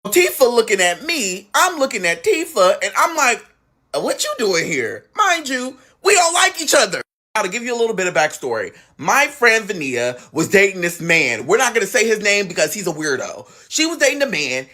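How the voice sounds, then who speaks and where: A man telling a family story in a casual storytime chat, acting out what relatives said with big jumps in pitch. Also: big pitch swings, brisk, sharp tone. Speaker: guest storyteller.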